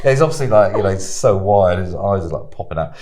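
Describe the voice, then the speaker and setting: A British man chatting casually, telling an animated anecdote and acting out voices. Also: deep voice, quick pace, a crowd in the background. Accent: British English. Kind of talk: casual storytelling chat.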